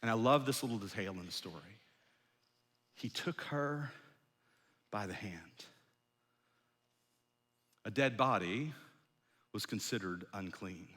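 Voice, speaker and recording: A man, a pastor, preaching a sermon in a conversational storytelling way that often drops soft and low. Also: slow pace, pauses often. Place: large church hall. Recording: long hall reverb.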